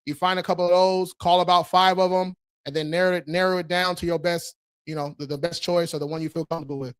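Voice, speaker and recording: A credit repair host with a high, clear, resonant voice and steady tone runs a casual live-stream Q&A on credit. He's loose and slangy, swears often, laughs a lot, and hypes viewers with quick rallying calls.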